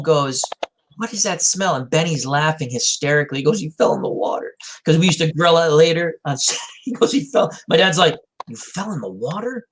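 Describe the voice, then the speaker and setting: Male host, somewhat high-pitched, loose and self-deprecating anecdotes, light background noise. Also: fairly bright tone. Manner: rambling storyteller, self-deprecating. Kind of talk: casual chat.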